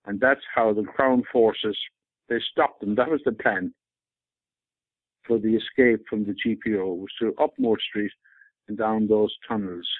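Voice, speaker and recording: A man's voice: fairly low pitch, fairly even intonation, a little slow, no echo, phone-quality sound. An Irish man giving a rambling, insistent account in an interview, often repeating himself.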